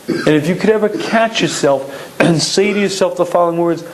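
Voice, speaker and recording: A man giving a recorded Torah lecture, explaining emphatically and clearing his throat often. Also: on the high side, moderate pace, slight background noise, low-quality recording.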